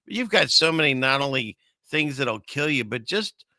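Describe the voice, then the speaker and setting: Gravelly male host, rambling and chuckling, sharp bright tone, dry close sound. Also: medium pitch, animated, moderate pace, no echo. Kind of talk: casual commentary on clips.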